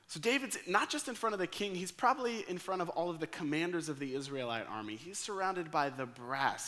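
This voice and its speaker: An American man preaching a sermon, telling a story with lively acted-out quotes. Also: on the high side. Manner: energetic storyteller acting out quoted lines. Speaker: pastor.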